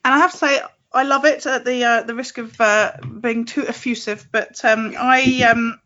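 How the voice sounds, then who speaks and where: Chatty, fast-talking woman podcast host. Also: a little high, fairly even intonation, fairly bright tone, highs cut off. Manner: quick, chatty, laughs often. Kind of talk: podcast interview chat.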